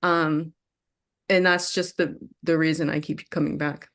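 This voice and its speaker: A woman's voice: sits low, fairly even intonation, unhurried, creaky, a bit bright. A woman talking casually on a video call, effusive in her praise. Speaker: community member.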